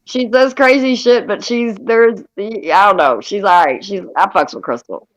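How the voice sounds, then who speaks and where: A woman's voice: medium pitch, normal speed, dry recording, rough recording. A woman chatting casually on a livestream panel, swearing freely, laughing often and acting out what others said. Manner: profane, laughs a lot, animated storytelling. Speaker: panel guest.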